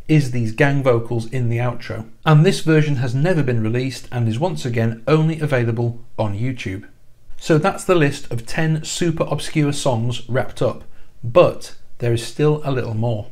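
A man's voice: medium pitch, normal speed, a little mellow. Chatty man, music vlogger. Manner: chatty, enthusiastic fan with dry asides. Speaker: music YouTuber and band musician. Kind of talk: casual countdown narration to camera.

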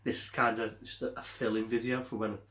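This man's voice sits at medium pitch, a bit bright, with a level tone and a slightly quick pace. He's reviewing a beer casually for his vlog, chatting, wandering off topic and often catching and fixing his own words, all in an echoey room.

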